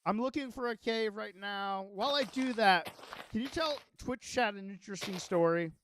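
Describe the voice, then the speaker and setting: High-voiced, excitable male streamer. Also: normal speed, slight background noise. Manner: excitable, rambling, self-interrupting. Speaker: gaming streamer. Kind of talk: casual livestream chat while playing.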